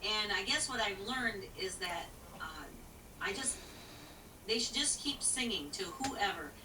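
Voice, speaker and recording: A woman's voice: medium pitch, lively intonation, unhurried, roomy sound, recorded from a distance, background noise. A woman who is a singer, talking in a folksy, plain-spoken way with many fillers while being interviewed. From rural country. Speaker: singer and guest. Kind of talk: casual interview answers.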